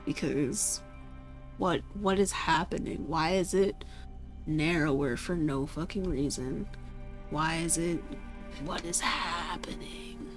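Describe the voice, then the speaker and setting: Over background music, a woman speaks in a low, slow voice. She's streaming herself at her computer, chatting idly to herself while playing a game and growing exasperated enough to curse at it.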